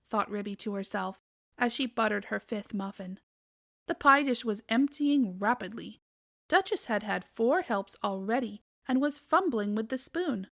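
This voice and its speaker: A woman's voice: fairly high pitch, expressive, a little slow, vocal fry, a bit bright, no room sound, studio quality. Woman reading a storybook aloud. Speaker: storytelling podcast host. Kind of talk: storybook read-aloud narration.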